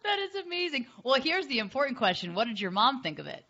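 A woman hosting a sports podcast, upbeat and quick to laugh as she interviews a guest. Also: high voice, big pitch swings, bright, forceful tone, lo-fi sound. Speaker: podcast host.

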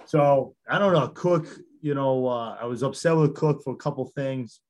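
Man, basketball coach, podcast guest, rambling storyteller, chuckles, middle pitch. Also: moderate pace, a little mellow, lo-fi sound. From Connecticut. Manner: rambling, self-interrupting storyteller, chuckles often. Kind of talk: casual storytelling interview.

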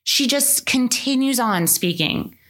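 A middle-aged woman hosting a podcast, telling animated stories in casual chat and sometimes putting on a mock British accent. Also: high voice, slow. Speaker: podcast host.

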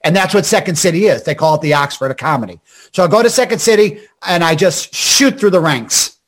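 An older comedian from Scranton is spinning stories in a fast, animated way, often doing the voices of the people he quotes. His voice sits high for a man, and he keeps stumbling into restarts as he pushes ahead. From Scranton, Pennsylvania. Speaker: comedian and actor guest. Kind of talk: storytelling interview chat.

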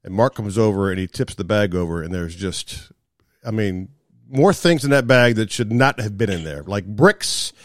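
Animated man hosting a golf chat. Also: lowish voice, moderate pace, no room sound, studio quality. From Maryland. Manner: animated storyteller, laughs often. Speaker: podcast host.

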